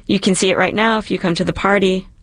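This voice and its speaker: A woman's voice: mid-range voice, steady tone, fast, no room sound, natural voice. Cynthia, a bossy teasing teen girl, read by a woman. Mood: coaxing.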